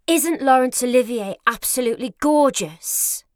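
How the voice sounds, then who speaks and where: A woman voicing an impulsive, loud young nurse with a Newcastle accent, blunt and excitable. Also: high-pitched, normal speed, dry recording, studio quality, pitched above the performer's own voice, natural voice. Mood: excited, scoffing.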